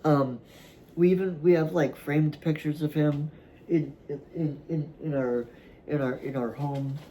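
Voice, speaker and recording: A man hosting his own vlog, talking casually to camera from a room at home, halting and rambling with many fillers and restarts, yawning at times. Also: fairly high pitch, steady tone, dark tone, a little hiss or hum, poor audio. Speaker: vlog host.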